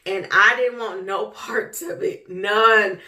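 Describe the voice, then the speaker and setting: A woman vlogger casually telling a childhood story in an animated way, laughing often as she goes. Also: medium pitch, takes it slowly. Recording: echoey room.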